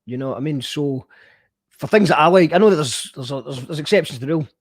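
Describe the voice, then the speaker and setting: A man's voice: fairly high pitch, fast talker, husky. A man hosting a casual interview, easygoing and casually sweary, often restarting his sentences. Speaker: interview host.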